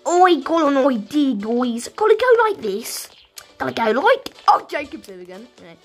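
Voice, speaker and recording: Excitable British woman gamer, high voice. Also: normal speed, faint music behind. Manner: excitable, rambling, talks to viewers. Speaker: gaming YouTuber. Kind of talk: let's play commentary.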